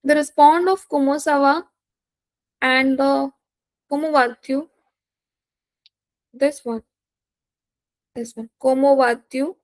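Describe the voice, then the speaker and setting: A young woman speaks slowly in a high, steady voice with frequent pauses and no echo, teaching a beginner French lesson. Patiently repeating each word, she checks in with "okay?" often, and her English phrasing is non-native.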